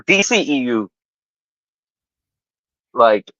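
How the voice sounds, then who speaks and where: A man's voice: medium pitch, very animated, very slow, pushed and bright, no echo, dull audio. A man co-hosting a casual podcast chat, hesitant and rambling with many fillers. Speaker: podcast co-host.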